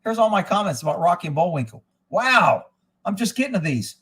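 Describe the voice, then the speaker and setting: Male livestream host, slightly raised pitch, swears freely, rambles from one topic to the next. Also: big pitch swings, fairly quick, a bit bright, husky. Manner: profane, rambling, blunt. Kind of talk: casual rambling livestream talk. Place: indoors at a rural home.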